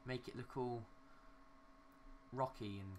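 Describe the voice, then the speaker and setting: A young gaming YouTuber takes it slowly in a steady, medium-pitched voice, a little hiss or hum behind him. He offers casual, wandering commentary to himself while building a city in a game, mildly swearing at glitches.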